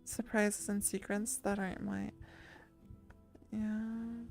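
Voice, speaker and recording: A woman's voice: medium pitch, level tone, slow, gravelly, darkish tone, faint music behind. A woman streamer chatting casually and rambling with her viewers, full of restarts and little laughs. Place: lying down at home.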